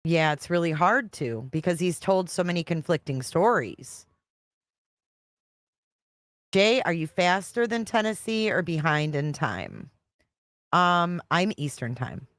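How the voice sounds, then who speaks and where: A woman's voice: lowish voice, animated, unhurried, pauses often, fairly bright tone, dry recording. A woman hosting a live stream, chatting casually and reading out viewer comments as she reacts to a clip. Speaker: livestream host reacting to a clip.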